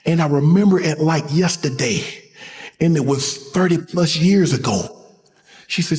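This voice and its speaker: Middle-aged male storyteller, raised pitch, long hall reverb; motivational speaker recounting a memory. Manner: storytelling, slows and softens at emotional points. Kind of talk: motivational speech.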